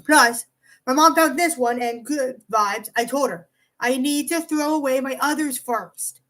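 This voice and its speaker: Heard over poor audio, this woman has a high voice and a measured pace. The vlogger tells her camera a rambling, profane story, animated and jumping from aside to aside, with lots of "like."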